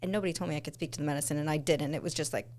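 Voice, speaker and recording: A woman's voice: deep voice, fairly even intonation, rapid-fire, a little mellow. A woman podcast host, talking in a chatty, supportive way and swapping her own experiences with her guest. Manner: chatty, supportive, frequent affirmations. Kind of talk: conversational interview.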